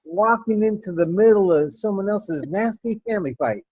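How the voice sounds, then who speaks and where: A woman telling a personal story in an animated, wry and profane way. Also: medium pitch, normal speed, dull audio, very noisy.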